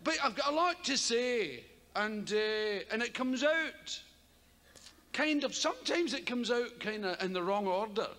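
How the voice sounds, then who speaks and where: High-voiced Scottish man doing rambling stand-up. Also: unhurried. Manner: rambling, profane, animated storytelling. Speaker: stand-up comedian. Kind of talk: live stand-up comedy. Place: large theater stage. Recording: reverberant live hall with loud audience.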